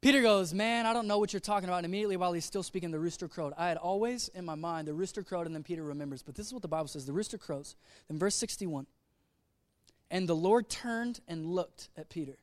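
High-voiced humorous preacher. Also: male voice, fast, dry recording. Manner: humorous and conversational, dropping to soft, earnest tones. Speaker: pastor. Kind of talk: sermon.

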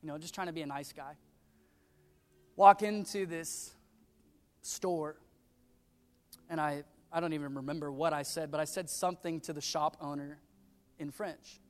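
A man's voice: fairly high pitch, steady tone, normal speed, long pauses, big-room sound. A male pastor giving a sermon in a church, mixing worship talk with a self-deprecating travel story. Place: church sanctuary.

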